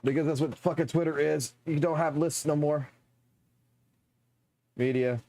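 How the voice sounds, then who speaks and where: A man's voice: on the high side, fairly even intonation, a little slow, mellow, no room sound. A male streamer talking casually and profanely while reacting to clips. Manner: offhand, profane muttering.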